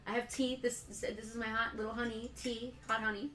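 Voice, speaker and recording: Chatty woman co-host with a scratchy voice, higher pitched, in an echoey room. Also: flat delivery, a little fast, sharp tone. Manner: chatty, jokey, rambling. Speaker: co-host of a toy store livestream. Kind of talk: casual livestream chat.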